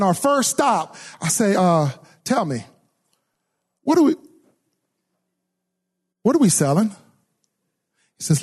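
Middle-aged preacher guy, highish voice, gets animated acting out his story, stumbles and repeats words a lot. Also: slow pace, pauses often, breathy edge. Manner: repeats words and restarts often. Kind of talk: sermon with personal story.

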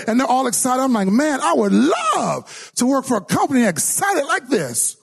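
A middle-aged man preaching a sermon, animated, telling a story and acting out the voices in it, often repeating and restarting words. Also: very high voice, fast talker, gravelly, hardly any pauses.

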